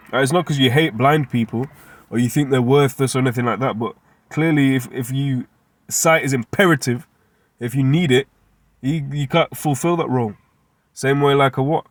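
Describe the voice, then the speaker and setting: A man leads a casual scripture lesson, constantly asking his listeners rhetorical questions. His talk is loose and streetwise, full of slang, and his voice sits at an ordinary middle pitch. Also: dry recording. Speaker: Bible teacher. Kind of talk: informal scripture teaching.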